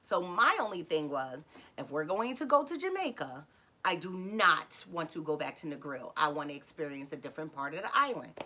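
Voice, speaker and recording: A woman casually telling a personal story, animated, acting out dialogue in sudden high excited bursts, with frequent fillers and self-corrections. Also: a little fast. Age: adult with a son.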